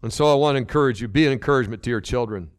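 A man's voice: mid-range voice, rapid-fire, dry recording, clean studio sound. An older man preaching a sermon as pastor, earnest and repeating phrases for emphasis.

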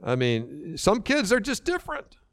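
A man's voice: sits high, huge pitch swings, moderate pace, no echo. Older guy pastor giving a sermon, earnest, voice bounces around a lot, dry close sound. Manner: earnest, repeats phrases for emphasis.

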